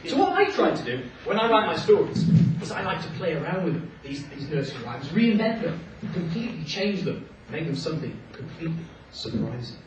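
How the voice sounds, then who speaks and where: A man doing comic storytelling for children, playful and animated with jokey asides. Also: on the high side, a little fast, a crowd in the background. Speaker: children's author and performer. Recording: echoey hall, distant mic, dull sound.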